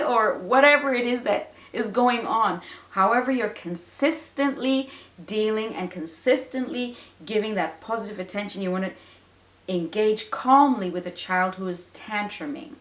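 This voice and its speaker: A woman's voice: medium pitch, fairly bright tone, echoey room. A woman nurse and mother giving parenting advice straight to camera, emphatic and full of rhetorical questions. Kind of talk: direct-to-camera advice talk.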